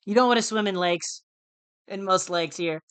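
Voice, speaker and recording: A man's voice: sits high, normal speed, fairly bright tone, clear, resonant tone, no room sound. A man day trading on a live stream, chatting casually in a laid-back, slangy way, repeating phrases and calling listeners dude and bro. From United States.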